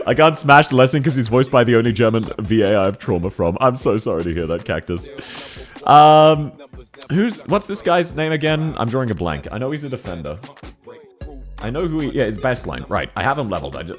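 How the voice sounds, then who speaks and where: Young male streamer with the hiccups, frank and giggly, mid pitch and very expressive, light music behind. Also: a little fast. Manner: chatty and frank, reads and answers chat, laughs often. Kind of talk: casual livestream chat.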